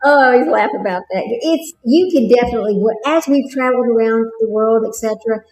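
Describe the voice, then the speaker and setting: A woman's voice: a little high, fairly quick, darkish tone, echoey room, faint music behind, poor audio. Chatty Texan woman livestreaming. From Texas. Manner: chatty, laughs often, talks to viewers. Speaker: livestream host. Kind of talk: casual livestream commentary.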